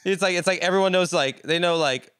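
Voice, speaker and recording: A comedian guest chats fast on a podcast, telling jokey stories and tripping over frequent restarts. His voice sits a little high, and the sound is dry and close. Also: fairly bright tone, clean tone, no echo. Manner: rapid, stammering restarts, jokey storytelling. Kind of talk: casual podcast chat.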